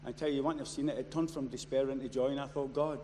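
Impassioned preacher in echoing hall. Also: male voice, mid-range voice, steady tone, fast talker. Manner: builds from quiet storytelling to loud impassioned shouting. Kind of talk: sermon. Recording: long hall reverb, faint noise.

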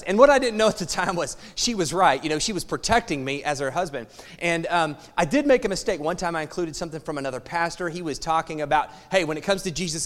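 A middle-aged man preaching from the pulpit, telling stories with animated humor and acting out both sides of his exchanges. His voice sits a little high for a man. It rings with the long reverb of a church sanctuary. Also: fast. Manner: animated storytelling, acts out quoted exchanges. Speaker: pastor. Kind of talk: sermon.

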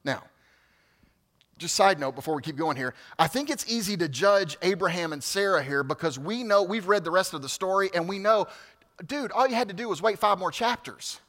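A man preaching a sermon as pastor, in an animated, conversational way with asides to the congregation. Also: sits high, brisk, in a large hall.

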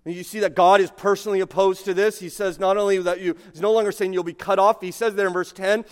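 A man in his thirties preaching a sermon as pastor, conversational, with frequent "right?" asides and quick restarts. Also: sits high, steady tone. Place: church sanctuary. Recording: long hall reverb from a sanctuary PA.

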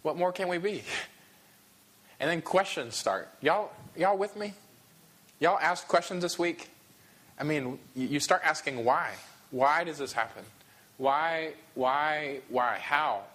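Male pastor, bright-toned, emotional, halting delivery with restarts. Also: a little high. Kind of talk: sermon.

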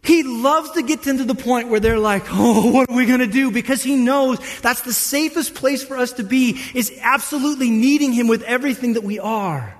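High-voiced pastor preaching in a reverberant hall. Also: male voice, normal speed, few pauses. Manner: animated storytelling, acts out disciples' voices. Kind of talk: sermon.

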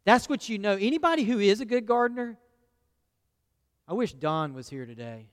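A man's voice: high voice, animated, moderate pace. A man preaching a conversational sermon, folksy and often asking the congregation questions. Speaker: pastor. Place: church sanctuary. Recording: long church hall reverb.

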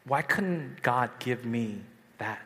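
A man in his thirties preaching a sermon at a youth retreat, telling a personal story with swings from hushed to excited. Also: mid-range voice, takes it slowly. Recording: long hall reverb.

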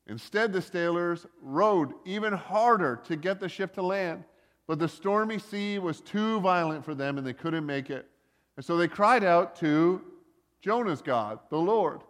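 A man's voice: high voice, animated, unhurried. A man preaching a casual sermon, retelling a story with joking asides and lots of "like" and "uh". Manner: conversational, joking asides, many likes and uhs. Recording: long reverb of a hall.

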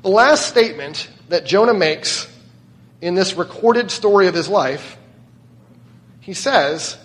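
A man's voice: high voice, expressive, slow, long pauses, fairly bright tone, long reverb tail. A man preaching a sermon as pastor, conversational and often putting questions to the congregation. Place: church.

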